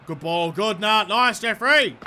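A young man giving excitable, swearing commentary over a cricket video game he is playing. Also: high voice, measured pace, noisy background. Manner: excitable, swears freely, talks to his player. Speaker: gaming YouTuber. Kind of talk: gameplay commentary.

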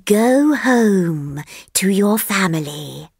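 A wary snake speaks slowly and gravely, as a woman reading the story puts it on. Each word is drawn out, and the sound is dry. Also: mid-range voice, expressive, darkish tone, no echo, full character voice.

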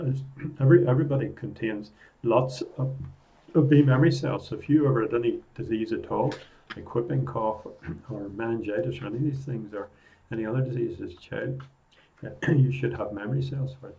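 A middle-aged man teaching a biology lesson, going over each step again and again and often clearing his throat. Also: mid-range voice, brisk, mellow, rough recording. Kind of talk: recorded classroom lesson.

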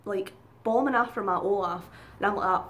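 A woman's voice: mid-range voice, brisk, fairly bright tone, a little hiss or hum. A woman talks straight to her viewers in a casual storytelling vlog. She is chatty and unguarded, swears freely and laughs at herself along the way. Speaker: vlogger.

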